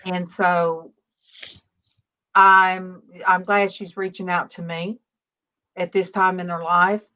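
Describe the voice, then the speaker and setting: A middle-aged woman leads a casual online prayer chat, speaking slowly in a lowish voice. She hesitates and fills gaps with "um" while she gathers her thoughts. Her call audio comes through muffled. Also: level tone, sharp tone. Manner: halting, many pauses and "um"s. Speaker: online ministry panel host.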